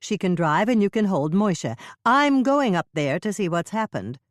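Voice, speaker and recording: A woman reading the lines of a determined, forceful amateur sleuth in an audiobook. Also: mid-range voice, animated, normal speed, no room sound, clean studio sound, voice pushed up, close to an everyday voice. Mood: insistent. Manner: forceful and urgent. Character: determined woman baker, sharp-tongued sleuth.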